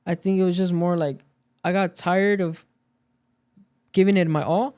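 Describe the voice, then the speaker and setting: A man's voice: high-pitched, steady tone, normal speed, darkish tone, clean tone. A man in casual podcast chat, telling a story about work and acting out the quoted lines of the people in it. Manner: storytelling, acts out quoted dialogue. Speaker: podcast guest.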